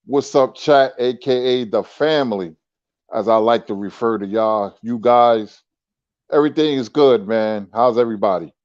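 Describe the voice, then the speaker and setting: A man's voice: mid-range voice, normal speed, a little mellow, no room sound, highs cut off. A man joining as co-host, greeting the host and the chat in a friendly way.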